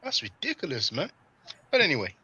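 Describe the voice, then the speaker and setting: Livestream host guy, super bright voice, chatty and animated, lots of you know. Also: medium pitch, moderate pace, rough recording. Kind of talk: casual livestream commentary.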